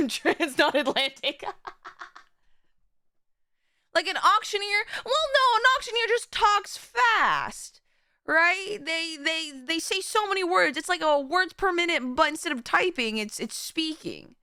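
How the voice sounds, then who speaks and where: A woman's voice: very high voice, animated, measured pace, pushed and bright, no room sound, clean studio sound. A woman streamer chatting casually with her viewers, rambling, giggling and stumbling over restarts. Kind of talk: casual live-stream chat.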